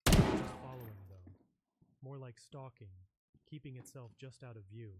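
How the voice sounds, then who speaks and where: A man reading a scripted first-person horror story in a measured, ominous way. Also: medium pitch. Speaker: narrator. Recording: noisy background with clicks.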